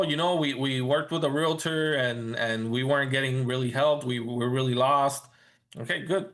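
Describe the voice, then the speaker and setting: A man's voice: a little high, a bit bright. A man coaching new real estate agents in a casual, loose way, often restarting phrases and acting out client talk. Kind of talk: training session for agents.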